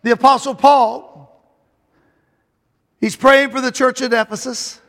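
A man's voice: very high voice, steady tone, slow, a bit bright. A man preaching a sermon in a fervent, emphatic way, repeating phrases as he builds. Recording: long hall reverb.

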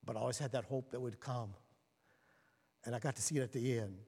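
A man's voice: fast, gravelly, husky. Man preaching in an echoing hall. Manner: animated storytelling, rising to excited, laughing highs. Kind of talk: sermon. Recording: long reverb of a large hall.

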